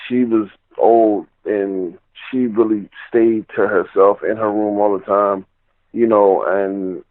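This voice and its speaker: A man's voice: low-pitched, no echo. A man telling a personal story in a rambling, casual way, full of "you know" and "like". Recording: tinny phone line.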